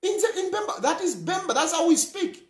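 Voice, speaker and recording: Impassioned Zambian man, lively high voice. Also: brisk, roomy sound. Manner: emphatic, repeats phrases for force. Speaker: talk show host. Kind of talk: impassioned political monologue.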